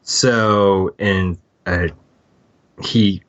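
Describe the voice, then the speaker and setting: Male co-host, very deep voice, rambling chatty delivery, dull lo-fi sound. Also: steady tone, extremely slow. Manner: rambling, many fillers and restarts. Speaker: podcast co-host. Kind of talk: casual book-club discussion.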